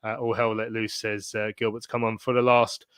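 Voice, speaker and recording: A man's voice: on the low side, little pitch movement, brisk, fairly bright tone, clear, resonant tone, no echo. A man hosting a casual fan podcast, talking with frequent hesitant fillers. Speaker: podcast host.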